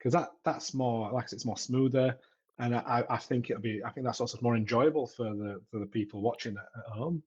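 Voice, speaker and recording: A man's voice: medium pitch, a little fast, darkish tone, slightly rough, muffled recording. A man with a Yorkshire accent chatting casually on a podcast about starting out making tech videos, often restarting his sentences. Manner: chatty, frequent restarts and repeated words. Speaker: podcaster and tech content creator.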